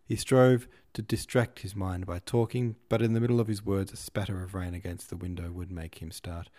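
A man with a low, mellow voice reads a classic novel aloud. His narration is measured and unhurried, the way a podcast host reads a book to listeners. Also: fairly even intonation. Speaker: podcast host and audiobook reader.

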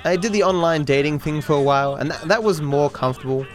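An Australian man, a streamer, answering viewer questions in a casual, meandering way, with deadpan jokes and frequent restarts. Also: fairly high pitch, fast, soft background music. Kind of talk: casual rambling Q&A.

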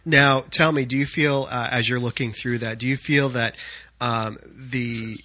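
A man's voice: medium pitch, fairly even intonation, unhurried, sharp tone, no room sound. A man from the United States talking earnestly in a casual chat, with lots of "you know" fillers. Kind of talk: casual chat about faith and books.

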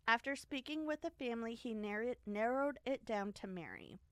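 A woman's voice: on the high side, animated, normal speed, clean tone, dry recording. A woman casually retelling a history story to a friend, chatty and giggly with frequent fillers and restarts. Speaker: podcast co-host telling a history story.

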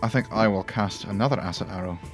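A man's voice: low voice, fast talker, faint music behind. A man playing a tabletop game, cracking playful jokes between his turns. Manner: joking, playful asides. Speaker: player.

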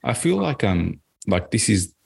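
A man's voice: lowish voice, sing-song, unhurried, vocal fry, breathy edge. A man hosting a podcast, speaking thoughtfully and hesitantly with many fillers. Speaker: podcast host. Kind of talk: casual podcast interview.

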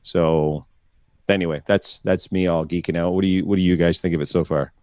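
A man with a fairly low voice chats as co-host of a casual podcast. He talks like an excitable fan who gushes about what he loves. The sound is dry and close. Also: a little fast, clear, resonant tone, dry recording. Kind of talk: casual chat.

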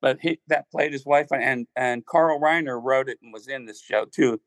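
Man, older, gravelly, dry sound, rambling anecdotes, repeats himself. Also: medium pitch, moderate pace, dry recording, low-quality recording. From Ohio, United States. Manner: rambling, repeats words, acts out quotes. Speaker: musician guest. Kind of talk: casual storytelling interview.

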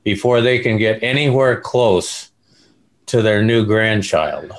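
An older man co-hosting a casual podcast, halting and searching for words as he talks. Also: fairly low pitch, animated. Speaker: broadcast engineer, co-host.

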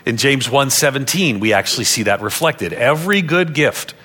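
Bright-voiced pastor preaching a sermon. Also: male voice, medium pitch, expressive, moderate pace. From Long Island, New York. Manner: earnest teaching, repeats key phrases for emphasis.

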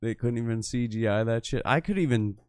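A man's voice: medium pitch, brisk, darkish tone, no echo, clean studio sound. A man chatting casually as a podcast host, crude and blunt, swearing constantly on a home microphone. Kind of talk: casual profane chat.

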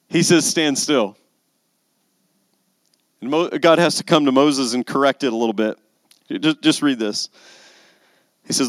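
A man's voice: medium pitch, dry recording. A man preaching a sermon as pastor, building to emphatic, intense passages. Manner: rising to emphatic intensity on key lines.

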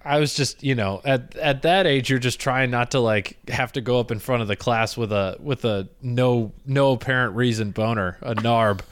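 A man's voice: mid-range voice, moderate pace, hardly any pauses, clear, resonant tone. A man hosting a casual podcast chat, teasing his guest with dry jokes. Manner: relaxed, joking, teasing interviewer.

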